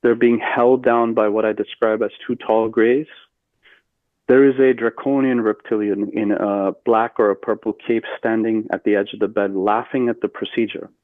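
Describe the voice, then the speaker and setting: A man telling a personal story as a podcast guest, earnest and steady with fillers. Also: fairly low pitch, normal speed, dry recording. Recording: tinny phone-like line, dry.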